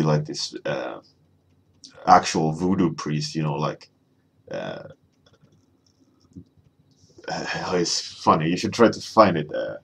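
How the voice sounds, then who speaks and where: A man's voice: rumbling low, gravelly, husky. A man chatting casually while he paints on a live stream, rambling with many fillers and reading viewer chat. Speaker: artist streaming a painting warmup.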